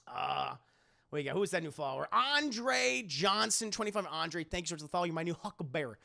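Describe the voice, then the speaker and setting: A man's voice: on the high side, lively intonation, quick pace, vocal fry, sharp tone. A man chatting casually on a live stream, reviewing a film scene by scene, swearing freely, and talking to his chat. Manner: profane, chatty, talks to chat.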